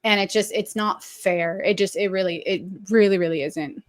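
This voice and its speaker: A woman co-hosting a podcast in casual chat, ranting with halting restarts. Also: medium pitch, no echo. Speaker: podcast co-host.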